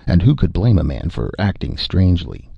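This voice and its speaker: Audiobook narrator, man, very low and gravelly, slightly husky, dry close recording. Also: no echo, dull audio. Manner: steady, measured storytelling.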